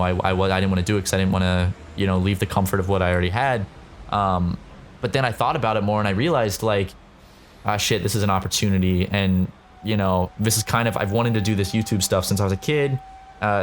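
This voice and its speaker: A young man talks low and loose, stacking "um"s and curses as he tells his story. He grew up in South Carolina and chats casually as a podcast guest. A faint hiss sits under the voice. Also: fairly even intonation, fairly quick. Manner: rambling, profane, lots of fillers.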